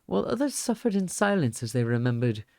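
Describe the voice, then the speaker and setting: A man's voice: on the high side, very animated, fast, vocal fry, darkish tone, no echo, studio quality. A male streamer reading a visual novel aloud, mixing storytelling narration with casual asides.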